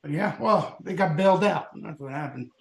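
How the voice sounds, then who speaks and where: A man's voice: a little high, expressive, normal speed, creaky, echoey room. A man on a live trading stream calling out market moves with dry jokes.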